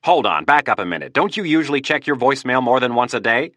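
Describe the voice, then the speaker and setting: A man's voice: mid-range voice, expressive, fast, no echo, clean studio sound, voice pushed up. A man voicing an irritable male chief of staff in an audiobook, snapping and raising his voice. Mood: angry. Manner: sharp, snapping, raised voice. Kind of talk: audiobook character voice.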